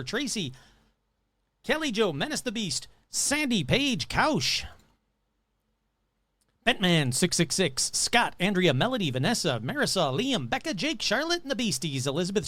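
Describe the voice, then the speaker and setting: This is a playful man hosting a podcast, who talks in a high, very lively voice. He chats casually and tends to ramble into jokey asides. The recording is dry and close. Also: no room sound. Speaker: podcast host.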